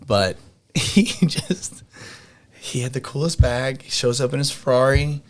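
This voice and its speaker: A man's voice: medium pitch, measured pace, no echo. Laid-back man, casual podcast chat. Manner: laid-back, drops short remarks and asides. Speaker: podcast co-host.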